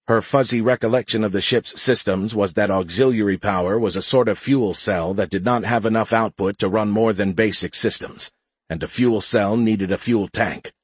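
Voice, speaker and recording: Male audiobook narrator, low and husky, dry booth sound. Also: fairly even intonation, normal speed, no echo. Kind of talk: scripted narration.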